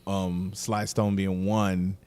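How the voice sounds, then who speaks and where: A man, a guest musician, telling stories in a casual podcast chat, halting and soft-spoken. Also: low-pitched, flat delivery.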